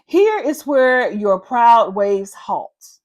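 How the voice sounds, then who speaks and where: A woman reading scripture aloud and breaking off into animated, excited commentary. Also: a little high, very slow. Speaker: Bible reader.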